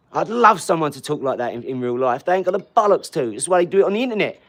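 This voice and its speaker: A man's voice: a little high, a bit bright. A man, chatting bluntly on a livestream and answering viewers' comments, swearing and often laughing as he talks. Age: 40s. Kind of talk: casual livestream chat.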